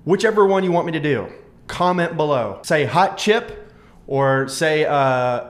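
A man's voice: a little high, lively intonation, unhurried. A man hosting a reaction video, joking crudely and sarcastically as he comments on clips. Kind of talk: casual commentary.

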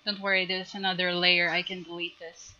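A woman teaching a live drawing tutorial on stream, chatty and giggly, gently coaching her viewers. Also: fairly low pitch, flat delivery, brisk, muffled recording.

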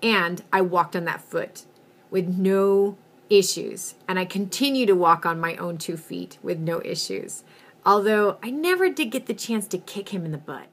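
A woman vlogger telling a personal story to camera in an expressive, emphatic way. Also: mid-range voice, normal speed.

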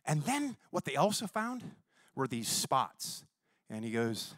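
A man preaches a sermon made of healing stories, told in a lively, casual, conversational way as he acts out the quotes. His voice is medium-pitched with vocal fry, and he speaks unhurriedly. The studio sound is clean, with no room sound.

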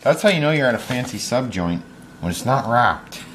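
A man's voice: mid-range voice, lively intonation, normal speed. Guy vlogging food, goofy and joking, bouncy delivery, noisy recording. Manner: playful, jokey. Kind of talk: casual food vlog chat.

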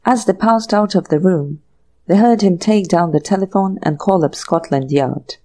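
A woman narrating a mystery audiobook in an even, measured storytelling manner. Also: lowish voice. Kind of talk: scripted narration.

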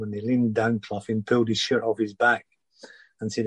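An older former footballer, husky-voiced, recalling his career in a halting interview chat full of restarts. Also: on the low side, level tone, fairly bright tone, no room sound, rough recording. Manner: halting, many restarts and repeated words.

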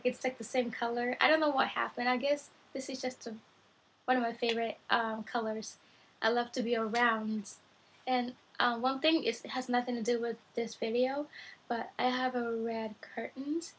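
A woman's voice: on the high side, steady tone, moderate pace, husky, poor audio. A woman vlogging from her bedroom at night, chatting eagerly and directly to her viewers while teaching Japanese words. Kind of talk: casual vlog talk to viewers.

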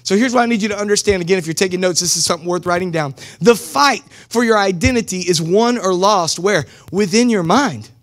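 A man with a strikingly high speaking voice preaches a sermon in a loose, conversational way. He mixes casual slang with urgent calls to the congregation, pushing hard on his main points. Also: a little fast, hardly any pauses, fairly bright tone. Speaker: pastor. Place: church service streamed live.

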